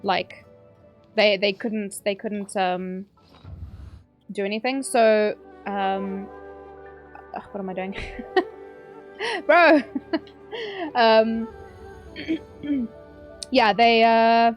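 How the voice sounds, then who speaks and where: A woman's voice: mid-range voice, drawn-out words, long pauses, lo-fi sound, soft background music. A young woman streaming a game, chatting casually and ranting, with sudden yelps at the action. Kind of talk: casual live-stream chat while gaming.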